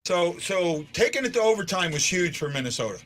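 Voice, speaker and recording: This bright, somewhat high-voiced man talks a little fast while running a casual post-game chat for fans. His frequent stumbles and restarts show him reasoning on the fly, and his mood shifts back and forth from stunned to thrilled.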